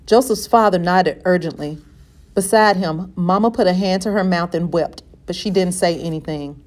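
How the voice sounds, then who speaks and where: Woman reading a novel aloud, mellow. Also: fairly low pitch, normal speed. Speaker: reader.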